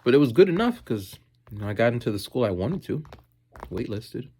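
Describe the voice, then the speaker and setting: A man's voice: mid-range voice, sing-song, fairly quick, darkish tone, breathy edge. A man who teaches in Japan, chatting casually in a rambling vlog while eating, going off on tangents and acting out voices.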